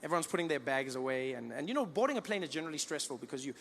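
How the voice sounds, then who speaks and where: A man from South Africa with a South African accent, telling stories in live stand-up, animated and laughing at his own lines. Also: fairly high pitch, racing, vocal fry, in a large hall. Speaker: stand-up comedian. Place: large live comedy venue.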